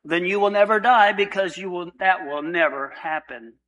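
A man's voice: high-pitched, normal speed, a bit bright. A man voicing a hard, cold former army head nurse who speaks in a matter-of-fact way.

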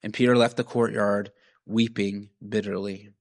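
A man's voice: fairly low pitch, level tone, moderate pace. Guy preaching, earnest, talky, keeps going "you know, right?". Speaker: pastor. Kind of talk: sermon.

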